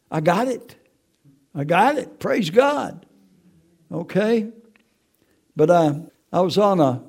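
A man's voice: high-pitched, a little mellow. An older man telling his Christian testimony in a folksy, preacherly way, often tagging his lines with "okay?". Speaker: testimony speaker.

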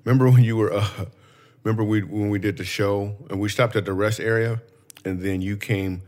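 A man's voice: fairly low pitch, fairly even intonation, fairly quick, darkish tone. A man co-hosting a podcast, chatting casually and teasing his partner with lots of jokes. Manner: joking, teasing, laughs a lot. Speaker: podcast co-host. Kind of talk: casual chat.

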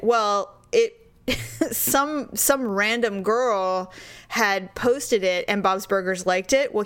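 A woman co-hosting a casual chat, telling stories in an animated way and acting out the voices of people she quotes. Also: medium pitch. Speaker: podcast co-host.

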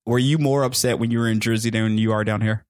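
A man's voice: fairly low pitch, steady tone, fast, no echo, studio quality. A man hosting a casual podcast, teasing his co-host and stumbling over his words.

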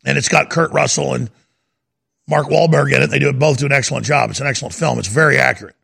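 A man's voice: medium pitch, fast talker, creaky, a bit bright, slightly rough. A man hosting a talk radio show, talking in an emphatic, rambling monologue that repeats itself. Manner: emphatic, repetitive, insistent.

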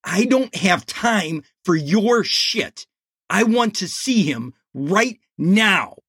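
A man's voice: high-pitched, lively intonation, slow pace, fairly bright tone, husky, no echo, studio quality, pitched above the performer's own voice, full character voice. A man voicing a stocky, hostile teenage boy who talks in a sneering, profane way, raised well above his own voice. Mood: defiant. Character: stocky hostile male teenager, bullying and crude.

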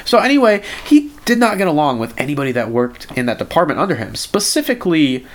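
A man's voice: fairly high pitch, big pitch swings, fast talker. A young man co-hosting a podcast, rambling through a work story in casual chat and swearing often. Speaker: podcast co-host.

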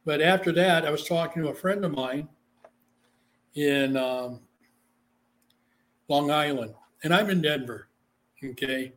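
A middle-aged man tells his stories with animation, his voice sitting a little above the usual male pitch. He is a guest being interviewed about his book, and he slips into the voices of the people he describes. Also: measured pace, long pauses, fairly bright tone. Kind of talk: storytelling in an interview.

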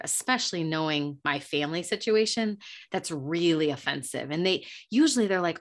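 A woman's voice: low voice, expressive, moderate pace. A woman guest in a casual chat, talking earnestly and hesitantly as the parent of an autistic child.

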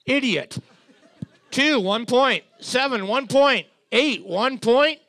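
A man's voice: very high voice, animated, takes it slowly, pushed and bright, dry recording, clean studio sound. A man co-hosting a bar trivia night, reading out scores and joking crudely with lots of swearing. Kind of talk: casual banter while scoring a music quiz.

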